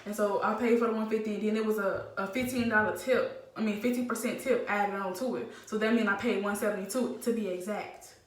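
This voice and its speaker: A young woman telling a casual storytime vlog, animated and slangy with lots of fillers. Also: mid-range voice, brisk, few pauses. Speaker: vlogger. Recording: roomy, slightly distant phone mic.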